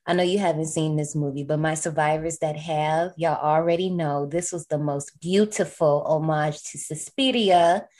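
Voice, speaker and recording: A woman with a somewhat low voice chats casually on a podcast, recapping a film. She is slangy and animated and laughs often. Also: normal speed, few pauses. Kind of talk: casual chat.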